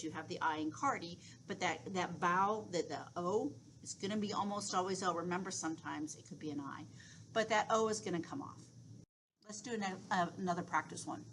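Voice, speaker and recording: A woman's voice: on the low side, a bit bright, a little hiss or hum, poor audio. A woman instructor giving a recorded lecture, explaining step by step with reassuring asides and frequent fillers.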